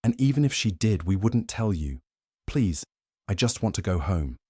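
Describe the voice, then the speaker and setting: A man's voice: low voice, sing-song, moderate pace, darkish tone, slightly rough, dry recording, exaggerated voice. Guy doing scared teen girl, shaky pleading voice, dry close sound. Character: frightened young woman, nineteen, pleading.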